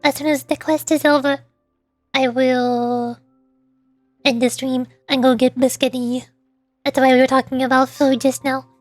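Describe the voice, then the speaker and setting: A woman streaming and chatting casually with viewers, talking fast when excited and laughing often. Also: sits high, no room sound, faint music behind. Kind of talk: casual livestream chat.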